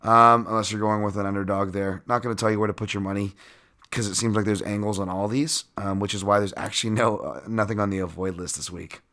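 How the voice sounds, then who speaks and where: A man's voice: on the low side, fairly even intonation, fast talker, pushed and bright. A man hosting a podcast, breaking down fight bets in a rambling, self-mocking way and chuckling often. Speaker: podcast host. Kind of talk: casual sports-betting breakdown.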